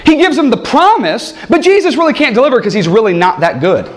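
Animated high-voiced male preacher. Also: fast. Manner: animated, jokey, shifts into loud acted quotes. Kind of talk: sermon with humorous storytelling.

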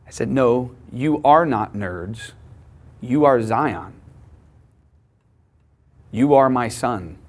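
A middle-aged man, a pastor, teaching a sermon in a conversational way, pushing his voice up on key lines. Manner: conversational, emphatic preaching with rising pitch on key lines.

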